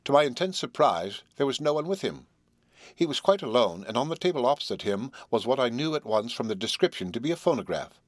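A man narrating a classic novel as an audiobook in a measured, even storytelling voice. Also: mid-range voice, no echo, studio quality. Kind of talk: scripted narration.

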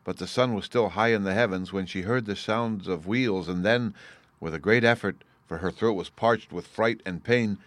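A man reading a fairy tale aloud as narrator, measured and expressive. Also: on the low side, no room sound. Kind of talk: storybook reading.

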